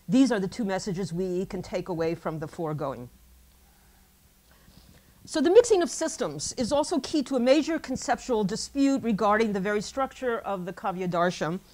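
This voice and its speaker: Woman giving a scholarly lecture. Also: mid-range voice. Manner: measured scholarly delivery with frequent ums and self-corrections. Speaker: academic lecturer. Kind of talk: conference lecture.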